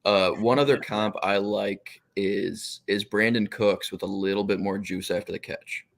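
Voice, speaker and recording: A man's voice: fairly low pitch, fairly even intonation, measured pace, creaky. A man co-hosting a casual sports podcast who hesitates a lot, with many ums and restarts as he makes his points.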